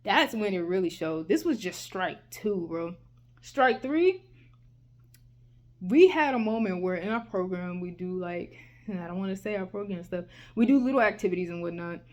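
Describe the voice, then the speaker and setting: A young woman telling a school story in a casual vlog, animated and heated, with lots of fillers and swearing. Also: on the low side.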